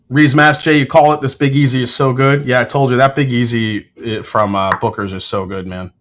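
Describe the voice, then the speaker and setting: A relaxed man chats through a whiskey tasting on a livestream. His voice sits in a middle pitch, and he talks in a loose, joking way. He swears freely and banters with the people in his chat. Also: normal speed. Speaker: whiskey reviewer hosting a livestream.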